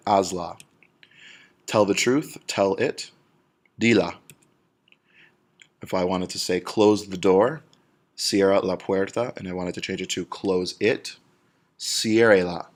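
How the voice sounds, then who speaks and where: Low-voiced man teaching a grammar lesson. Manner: explains step by step, slows down on example words. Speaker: Spanish teacher.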